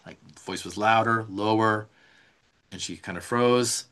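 A man's voice: fairly low pitch, a little slow, fairly bright tone. A man teaching a live online workshop in a loose, conversational way, talking a worksheet through line by line with frequent fillers and restarts.

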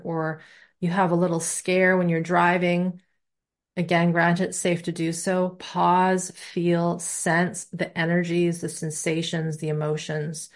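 A woman teaching a body-awareness class in a conversational way, explaining ideas through everyday examples. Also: fairly low pitch. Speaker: somatic teacher.

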